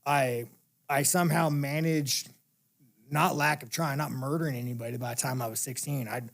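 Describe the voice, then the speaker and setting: A man sits in as a guest for a casual interview, and his voice has a rough, gravelly edge. He tells his stories bluntly and swears freely. He often breaks into laughter as he talks. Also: mid-range voice, steady tone, moderate pace, fairly bright tone. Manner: blunt, profane storytelling; laughs while telling stories.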